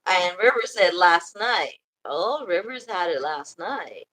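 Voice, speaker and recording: A woman's voice: lowish voice, lively intonation, takes it slowly, fairly bright tone. A woman hosting a live stream, reading out and thanking viewers in the chat. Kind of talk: casual chat.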